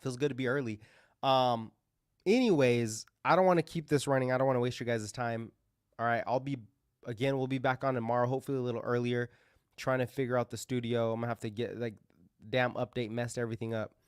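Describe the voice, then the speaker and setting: A man's voice: mid-range voice, steady tone, fast, smooth, no room sound, clean studio sound. A man hosting a crypto livestream, talking casually and rambling through live chart commentary with lots of fillers and restarts.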